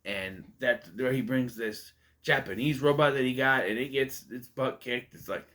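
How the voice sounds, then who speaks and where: A man's voice: medium pitch, normal speed, sharp tone. A man casually reviewing a movie, rambling and conversational with many fillers and restarts. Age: adult.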